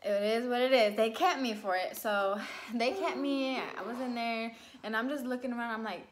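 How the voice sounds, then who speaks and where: Speaking at a moderate pace, a female vlogger casually recounts something that happened to her. She's animated and talkative, full of "like" and "you know," and swoops widely in pitch when voicing what she said back then.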